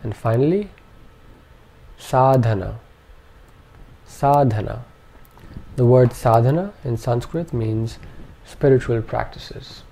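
Slow, gravelly-voiced male language teacher. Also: mid-range voice, dark tone. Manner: slow, careful, enunciating each syllable. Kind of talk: scripted lesson narration.

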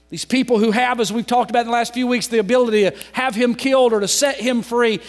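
High-voiced pastor preaching in a reverberant church. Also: male voice. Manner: dramatic, swings between loud emphasis and soft drawn-out phrases. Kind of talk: sermon. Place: church sanctuary.

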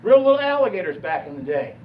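A man's voice: sits high, big pitch swings, fast talker, slight background noise. A man pastor preaching a sermon, telling personal stories in a conversational way. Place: church sanctuary. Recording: echoey church hall from a distance, dull.

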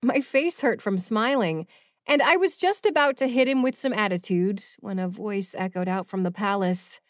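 Woman, audiobook narrator, first person, expressive, mid-pitched, dry studio. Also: moderate pace, dry recording.

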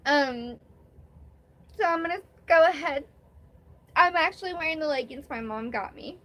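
A woman's voice: extremely high pitch, normal speed, long pauses, fairly bright tone, a little hiss or hum. A young woman vlogger talking candidly in a rambling, emotional way during her first live stream. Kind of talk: casual live-stream chat.

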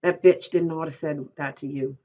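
A woman reading aloud, voicing an old ranch hand who speaks in a plain, quiet way, in a dull lo-fi recording. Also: sits low, fairly even intonation, normal speed. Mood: worried. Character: old one-handed ranch swamper, man.

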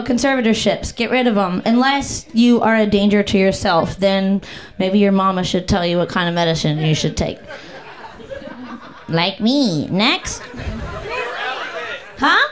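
A young woman doing improvised stand-up on a club stage, brash and crude, riffing on crowd shouts with squeals and silly sound effects. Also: medium pitch. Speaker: stand-up comedian.

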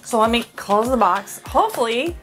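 A middle-aged woman hosts a casual chat, fairly high-voiced and enthusiastic, with a light laugh never far away. Soft music plays faintly behind her. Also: animated, moderate pace. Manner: chatty and enthusiastic, laughs often. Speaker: host.

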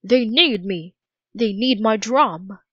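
A woman voicing a feverish young drummer boy who sounds frantic and hoarse, on a dull lo-fi recording. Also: medium pitch, slow pace, dry recording. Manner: frantic, then hoarse and weak.

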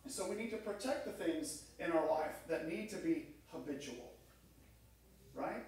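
Dad pastor guy preaching, acts out little voices, kinda high, echo everywhere, far from mic. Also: animated, normal speed, a little mellow. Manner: storytelling, acts out quoted voices. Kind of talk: sermon. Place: church sanctuary. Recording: echoey room, mic far off.

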